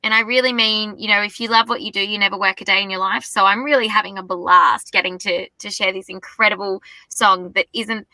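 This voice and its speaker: A young woman talks excitedly in a casual interview. Her voice is very bright and tense in tone, and the recording is dry with almost no room sound. She gushes and piles on enthusiasm. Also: mid-range voice, brisk, few pauses, no echo, low-quality recording. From Australia. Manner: bubbly, effusive, gushing. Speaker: singer-songwriter guest.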